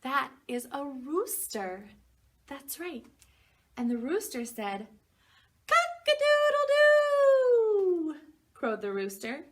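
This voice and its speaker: A preschool teacher reads a picture book to small children in a fairly high, unhurried voice. She asks them gentle questions and leaves room for them to answer. She calls out the animal noises in a livelier, raised voice. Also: expressive, husky. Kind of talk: picture-book storytime reading for young children.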